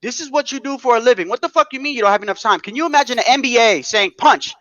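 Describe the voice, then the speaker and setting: Animated, profane young man on a dry, muffled mic. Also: extremely high pitch, racing, no room sound. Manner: animated, profane, repeats "bro". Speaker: boxing podcast co-host. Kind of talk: live casual commentary chat.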